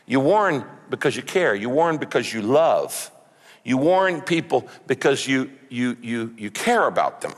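A man's voice: mid-range voice, sing-song, measured pace. A man preaching a sermon, emphatic, asking rhetorical questions and repeating words. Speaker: pastor. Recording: long hall reverb.

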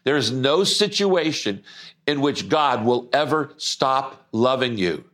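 Lively-voiced pastor preaching a sermon. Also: male voice, medium pitch. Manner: slows down for emphasis and stresses key words. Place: church.

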